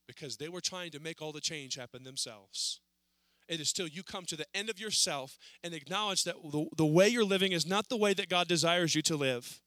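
A man preaching a sermon in a church service, earnest, rising to pleading and then dropping low. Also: a little fast, a bit bright, no echo.

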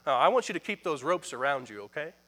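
A man preaching a sermon as pastor, addressing the congregation directly, with emphatic delivery that swings from quick asides to loud pronouncements. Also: fairly high pitch, big pitch swings.

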